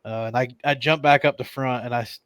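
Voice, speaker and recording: A man's voice: medium pitch, fairly even intonation, fast, fairly bright tone, no echo. Man telling a rambling fishing story, dry mic. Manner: rambling, filler-heavy storytelling. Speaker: tournament angler guest. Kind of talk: casual podcast storytelling.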